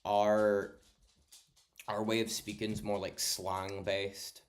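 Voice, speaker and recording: A man's voice: fairly low pitch, level tone, takes it slowly. A young man from Scotland with a mild Scottish accent, chatting on a late-night stream in a rambling, sweary, laid-back way. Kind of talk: casual chat.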